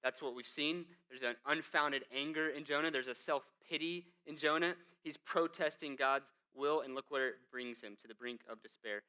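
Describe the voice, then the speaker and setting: A man's voice: mid-range voice, normal speed, hardly any pauses, sharp tone, smooth. A male lead pastor preaching a conversational sermon, full of rhetorical questions and emphatic asides.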